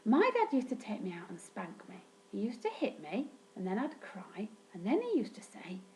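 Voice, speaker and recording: Brief: woman vlogger, dry and sweary, mellow tone, faint hiss behind. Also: moderate pace, hardly any pauses, low-quality recording. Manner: wry, deadpan, sweary humor with sudden pitch jumps. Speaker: vlogger recounting childhood. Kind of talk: casual storytelling monologue.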